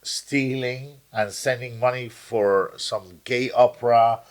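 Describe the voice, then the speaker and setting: A man co-hosting a podcast, bantering crudely in a rambling, halting way with lots of fillers. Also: medium pitch, steady tone. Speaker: podcast co-host.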